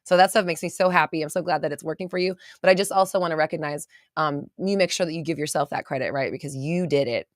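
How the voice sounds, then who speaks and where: A woman's voice: low voice, fast, few pauses, dry recording, clean studio sound. Bubbly valley-girl woman host. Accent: American valley girl. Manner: bubbly, chatty, lots of fillers and laughs. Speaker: podcast host. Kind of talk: casual livestream chat reading viewer comments. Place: home studio.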